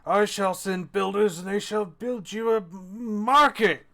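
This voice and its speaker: A man voicing an old male dwarf king who is fond of drink, speaking slowly and grandly. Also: a little high, close to an everyday voice. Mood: mellow.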